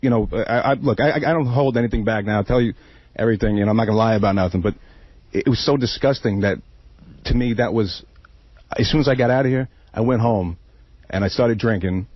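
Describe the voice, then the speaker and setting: A man's voice: fairly low pitch, fast, no room sound. Stammering, self-deprecating man on the radio. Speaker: departing radio staffer. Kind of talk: confessional radio chat. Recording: dry lo-fi radio broadcast.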